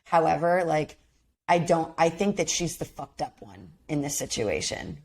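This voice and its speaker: A woman's voice: low voice, normal speed. A woman co-hosting a podcast, chatting casually and emphatically, acting out what others said. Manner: animated, emphatic, acts out quotes. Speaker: podcast co-host. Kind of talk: casual chat recapping a reality show.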